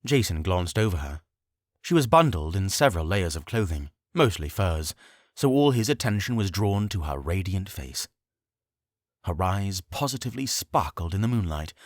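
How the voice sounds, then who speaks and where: A man reading a fantasy audiobook as narrator, with steady, expressive storytelling. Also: low voice, no room sound, studio quality.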